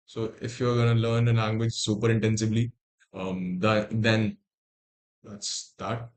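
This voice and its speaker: A man's voice: fairly low pitch, level tone, moderate pace. A young man with an Indian English accent on a casual livestream, reading text aloud and breaking off into muttered asides and restarts.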